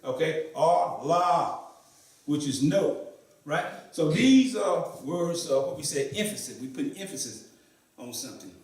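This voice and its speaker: This man's voice is a little high and a little mellow, animated yet unhurried, as he teaches Arabic to a class in a mosque. He keeps asking questions and repeating the students' replies, and the echoey room makes him sound far away.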